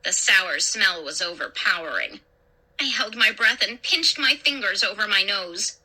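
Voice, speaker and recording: A woman storyteller reading a first-person horror story in a dramatic, expressive way. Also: mid-range voice, unhurried. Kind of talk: scripted horror story narration.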